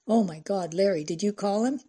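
A woman narrator voicing a brisk, affectionate woman who talks quickly and warmly. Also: medium pitch, breathy edge, lightly acted. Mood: chatty.

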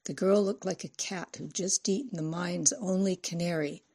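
A woman narrates a novel in a steady, even manner. Her voice sits low, husky and mellow. It is an audiobook reading. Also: moderate pace.

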